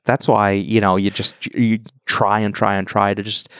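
A man co-hosting a podcast in relaxed, joking casual chat. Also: fairly low pitch, normal speed, clear, resonant tone, no echo, studio quality. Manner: joking, rambling. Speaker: podcast co-host.

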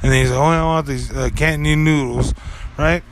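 Young guy, slightly high voice, rambling cussing storyteller, faint hiss behind. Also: fairly even intonation, fast. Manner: rambling, profane, many fillers and restarts. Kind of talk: casual storytelling chat. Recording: faint background noise.

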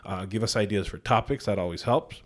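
A man's voice: lowish voice, fairly quick. A man co-hosting a podcast in loose, joking casual chat, swearing freely. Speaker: podcast co-host.

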